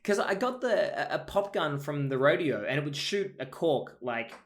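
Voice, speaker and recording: A man co-hosting a podcast, telling family stories in a casual, animated way and laughing often. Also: on the high side, normal speed. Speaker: podcast co-host. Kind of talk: casual storytelling chat.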